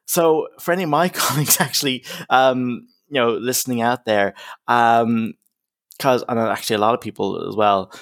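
A man's voice: medium pitch, moderate pace. A young man, a counsellor, talking casually in an interview, emphatic, with lots of "you know" and "okay?". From Ireland. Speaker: counsellor, podcast guest.

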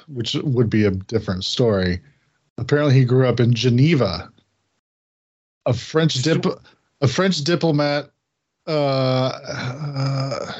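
Slow, laid-back man on a podcast. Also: mid-range voice, a little mellow, muffled recording. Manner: laid-back, hesitant, reads out lookups. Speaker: podcast co-host. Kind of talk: casual chat.

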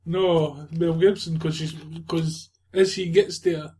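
A man's voice: fairly high pitch, steady tone, slow, warm tone, slightly rough. A young Scottish man in casual chat who laughs often and mostly adds short agreeing remarks. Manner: laughing, brief agreeing interjections.

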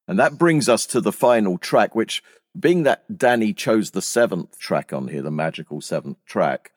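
A man's voice: on the low side, animated, normal speed, dry recording, studio quality. A man co-hosting a podcast, casually and analytically discussing an album's track order. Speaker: podcast co-host.

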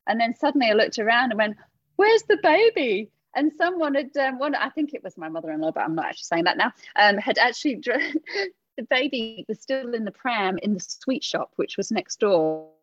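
A woman's voice: a little high, animated, brisk, fairly bright tone, no room sound. Woman in her forties from England, rambling storyteller, dry dull recording. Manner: rambling storytelling with many fillers. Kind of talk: casual chat.

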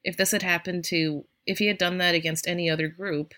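Bright-toned woman in casual chat. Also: on the low side, fairly even intonation, fairly quick. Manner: hesitant, searching for words. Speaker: podcast host.

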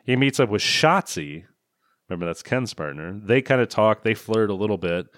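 A man's voice: lowish voice, lively intonation, moderate pace, fairly bright tone, no room sound, studio quality. A man co-hosting a comedy podcast, recapping a film in a sarcastic, profane, mocking way.

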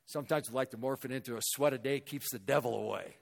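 A middle-aged man from Missouri giving a motivational talk to a hall audience, telling an animated story and acting out the dialogue. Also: mid-range voice, quick pace, creaky. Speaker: guest speaker. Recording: echoey hall reverb.

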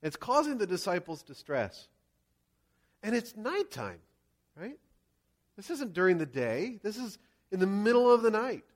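A male pastor preaching a sermon, acting out scenes and shouting quoted lines. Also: sits high, very animated, a little slow, pauses often.

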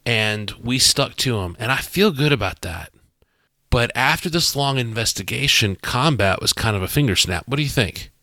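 A man talking as game master on a podcast, animated and full of restarts, acting out quotes as he recaps a session. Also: mid-range voice, moderate pace, no echo. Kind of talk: podcast discussion.

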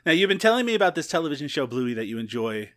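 A man's voice: on the high side, big pitch swings, racing, a bit bright. A man hosting a podcast in casual chat, joking and playful with his co-host and guest. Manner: jokey, playful, drops to a whisper for gags.

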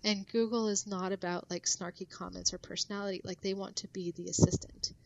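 A woman's voice: mid-range voice, fairly even intonation, fairly quick, vocal fry, dull audio. A woman guest on a podcast, explaining things casually with lots of fillers and restarts.

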